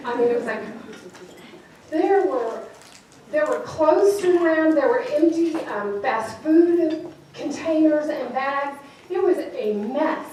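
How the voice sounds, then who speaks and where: High-voiced woman speaker in an echoey hall. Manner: playful, engages the audience with questions. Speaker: professional speaker. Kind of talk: motivational talk to a live audience. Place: large event hall. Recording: echoey hall, distant mic, noisy.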